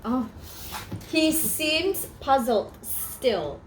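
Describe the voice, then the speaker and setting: Woman storyteller for children, high, bouncy pitch, unhurried, roomy echo. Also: background noise. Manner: animated, asks listeners questions. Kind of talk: reading a picture book aloud.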